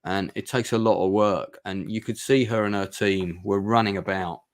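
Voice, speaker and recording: A man's voice: fairly low pitch, fairly even intonation, moderate pace. A man, casually telling a heartfelt, rambling story as he reviews a night out. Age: 50s. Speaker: vlogger reviewing a club night.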